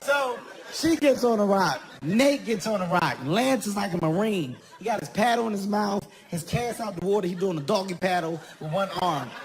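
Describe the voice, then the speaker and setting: A man doing stand-up comedy storytelling, animated and self-mocking, often laughing through his own lines. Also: sits high, moderate pace, crowd noise. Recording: live venue, audible ambient noise.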